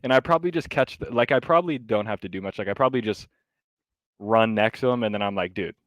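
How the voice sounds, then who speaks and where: A man co-hosting a podcast in casual chat, telling an animated story, acting out quotes and swearing freely. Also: fairly low pitch, fast talker, no echo. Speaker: podcast co-host, coach.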